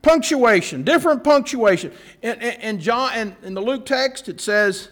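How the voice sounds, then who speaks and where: High-voiced male pastor preaching earnestly. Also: animated, a bit bright. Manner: earnest, with drawn-out emphasis and repeated phrases; informal asides with a self-correcting laugh. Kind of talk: sermon.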